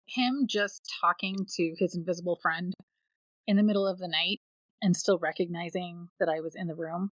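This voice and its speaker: A woman in her thirties, a podcast co-host, telling personal stories in a casual, animated way and acting out the voices she quotes. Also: lowish voice, moderate pace, no room sound, rough recording. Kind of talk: casual storytelling chat.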